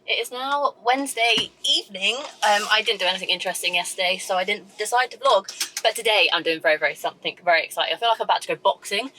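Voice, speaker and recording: Bright-voiced excitable woman vlogging. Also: medium pitch, fast talker, a little hiss or hum. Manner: gushing, excitable, chatty. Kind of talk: casual vlog chat to camera.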